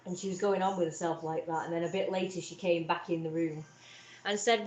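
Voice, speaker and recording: A woman's voice: lowish voice, steady tone, fairly quick, a little mellow, roomy sound. A young woman hosting a livestream, retelling a family conflict in a rambling, upset way with many restarts. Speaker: livestream host. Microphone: webcam or phone on a livestream.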